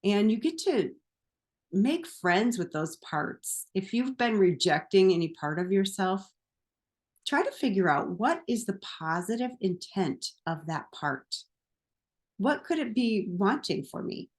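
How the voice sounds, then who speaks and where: This woman, a therapist and coach, gives a casual motivational talk straight to the camera in an unhurried, medium-pitched voice. She's chatty and animated, laughs often, and says "like" a lot.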